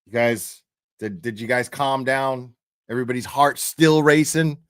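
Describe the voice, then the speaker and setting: A man's voice: mid-range voice, measured pace, clear, resonant tone, dry recording, studio quality. Profane, joking man chatting with viewers. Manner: profane, joking, laughs at his own jokes. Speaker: streamer talking to chat. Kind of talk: casual livestream chat.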